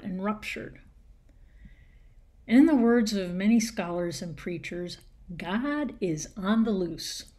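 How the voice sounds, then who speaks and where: A woman delivers a sermon slowly and deliberately, stressing key words and letting dramatic pauses hang between phrases. Her voice is mid-range with a darkish tone.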